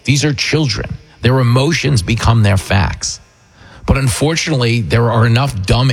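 A man with a medium-pitched, slightly rough voice hosts a political talk radio program. He delivers an opinionated monologue in a combative, sarcastic way, complete with mocking impressions.

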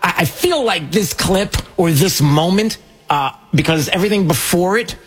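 A man's voice: sits high, animated, moderate pace, slightly rough. A man hosting a casual commentary show, rambling and joking with many fillers and restarts. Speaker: host.

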